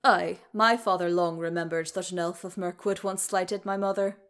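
A woman reading the part of a gruff, warm-hearted male dwarf warrior in a fan story read aloud. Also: on the low side, steady tone, moderate pace. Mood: fond. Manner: gruff, fond.

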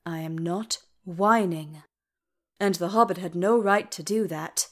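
A woman voicing a proud, stubborn wounded dwarf king who talks in a gruff, indignant way. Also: fairly low pitch, measured pace, close to an everyday voice.

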